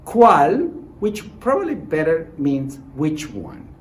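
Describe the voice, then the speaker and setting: Man teaching with lively intonation. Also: medium pitch, normal speed, a little hiss or hum, rough recording. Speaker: Spanish teacher. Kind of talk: recorded language lesson.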